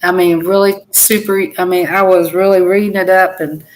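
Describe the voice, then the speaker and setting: Older woman telling a slow story. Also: lowish voice, flat delivery, poor audio. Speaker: co-host of family livestream. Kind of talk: casual storytelling.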